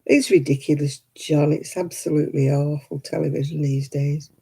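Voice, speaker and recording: A woman's voice: deep voice, steady tone, normal speed, gravelly, mellow, slightly rough, low-quality recording. A woman hosting a crafting livestream, chatting casually with viewers and grumbling about television. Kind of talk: casual chat with viewers while crocheting.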